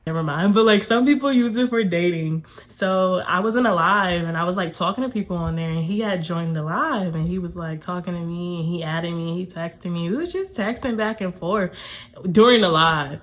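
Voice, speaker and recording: A young woman from Atlanta telling a casual storytime to her channel, chatty and quick to break into nervous laughter. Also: on the low side. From Atlanta, USA. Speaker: YouTuber.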